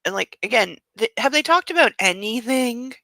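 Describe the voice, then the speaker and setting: A woman's voice: on the high side, animated, moderate pace, pushed and bright, no echo, rough recording. A woman hosting a book club, reading a novel aloud and breaking off for sarcastic, swearing comic asides. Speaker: book club podcast host.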